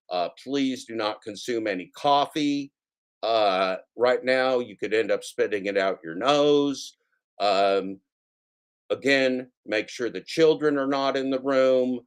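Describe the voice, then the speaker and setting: A man's voice: medium pitch, smooth. Joking man hosting a clip reaction. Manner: playful, jokey mock warnings. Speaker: host reacting to clips. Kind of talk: casual live commentary.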